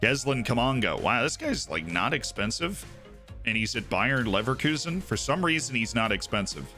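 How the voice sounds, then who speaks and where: A man's voice: mid-range voice, sing-song, normal speed, pushed and bright, faint music behind. A man streaming a football management game, chatting casually and cheering his team on. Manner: chatty, hypes his team, thinks aloud. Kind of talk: casual gameplay commentary.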